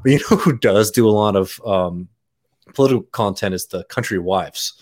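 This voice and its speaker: A man's voice: fairly low pitch, moderate pace. A man chatting casually on a podcast, telling a long story with lots of fillers and easy laughter. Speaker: podcast guest. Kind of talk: casual chat.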